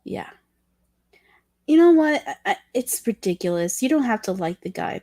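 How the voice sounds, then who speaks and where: A woman's voice: medium pitch, big pitch swings, moderate pace, warm tone, no room sound. A woman whose first language is Spanish, chatting casually on a livestream in a rambling, curious and apologetic way.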